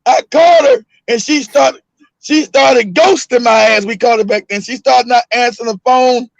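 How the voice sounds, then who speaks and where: Animated high-voiced man telling a story. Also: normal speed, creaky, no echo, lo-fi sound. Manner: animated, laughing often, swearing, raises his voice for punchlines. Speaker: host. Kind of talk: casual storytelling.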